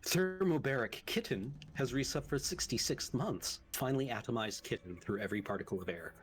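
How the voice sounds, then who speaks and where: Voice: medium pitch, lively intonation, fairly quick. A stream co-host in casual chat, reading subscriber thanks and stumbling over names.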